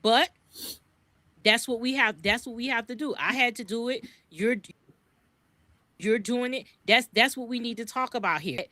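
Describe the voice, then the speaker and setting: A woman from the US East Coast delivers fervent podcast commentary. Her voice is bright and sharp, pitched a little high, and she stumbles over repeated words as her feelings build. The sound is close and dry. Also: moderate pace, pauses often, dry recording. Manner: fervent, repeats words when worked up, swears freely. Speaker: podcast co-host. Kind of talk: impassioned commentary.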